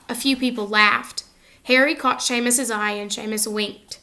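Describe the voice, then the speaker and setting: A woman narrating a children's novel aloud in an expressive, lively reading style. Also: fairly high pitch, measured pace. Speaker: audiobook reader. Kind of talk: storybook narration.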